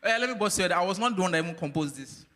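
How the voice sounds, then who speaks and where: A man's voice: sits high, lively intonation, racing, a bit bright. A man hosting a playful live quiz at a workshop, teasing the teams and laughing often. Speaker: quiz game host at a workshop. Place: event hall. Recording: long hall reverb.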